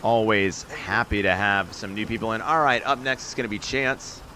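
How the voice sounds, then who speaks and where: Upbeat male streamer, bright voice, talks to chat and calls the action. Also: fairly low pitch, moderate pace, slight background noise. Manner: chatty, upbeat, talks straight to viewers in chat. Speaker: live-stream host and game commentator. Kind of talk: live-stream chat and play-by-play commentary.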